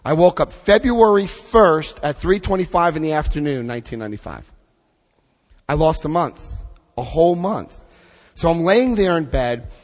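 Man, middle-aged, recovery testimony, dramatic storytelling, lively pitch, hall reverb. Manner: animated storytelling, dramatic pauses. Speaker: recovery speaker. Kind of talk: personal testimony talk.

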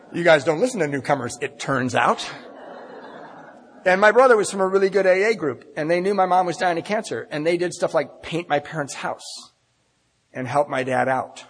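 A man's voice: fairly high pitch, moderate pace, pauses often, in a large hall, a little hiss or hum. A man giving a talk at a recovery meeting, telling his story to a large audience and acting out the voices of the people in it. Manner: animated storyteller, acts out voices.

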